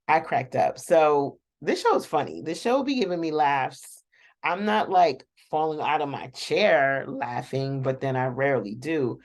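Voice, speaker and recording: Low, slow-talking woman recapping a show. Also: animated, darkish tone. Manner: chatty, laughs often, talks to viewers. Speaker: show reaction host. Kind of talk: casual rambling episode recap.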